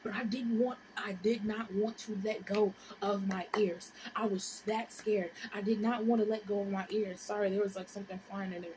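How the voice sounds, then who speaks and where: A woman in her twenties tells a story on her vlog, animated and profane, dropping into whispers and rising into shrieks. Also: medium pitch, moderate pace, hardly any pauses, background noise. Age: 20s. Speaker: vlogger.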